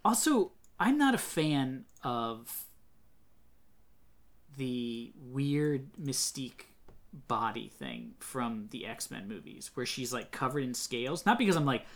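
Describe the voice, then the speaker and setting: A man's voice: mid-range voice, very animated, slow, fairly bright tone. Rambling opinionated male podcast co-host. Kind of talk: casual chat.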